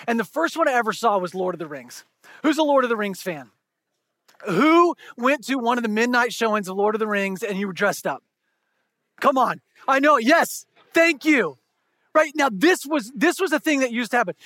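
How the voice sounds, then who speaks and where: A married man preaching a sermon to a congregation, conversational and joking, moving from hushed to shouted. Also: extremely high pitch, animated, moderate pace, no echo. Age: adult, married with kids. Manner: conversational, humorous, swings from soft to shouting. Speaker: pastor.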